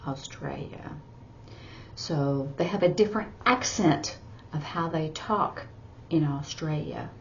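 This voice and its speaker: A woman teaching sign language in a slow, gentle explanatory style, with soft asides. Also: deep voice. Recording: slightly dull recording with faint background hiss.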